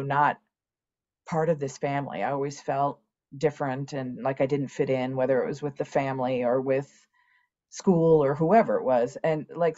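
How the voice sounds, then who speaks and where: Over dull-sounding audio, a low, slightly mellow voice belongs to a woman in her sixties appearing as a podcast guest. She recounts her life openly and animatedly in a candid interview, acting out conversations from the past.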